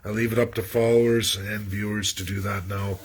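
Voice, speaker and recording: A man's voice: lowish voice, level tone, brisk, slightly rough. A Canadian man from Alberta with an Albertan accent, talking in a rambling, earnest livestream monologue with many restarts and fillers. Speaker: livestream host. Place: outdoors in a rural area.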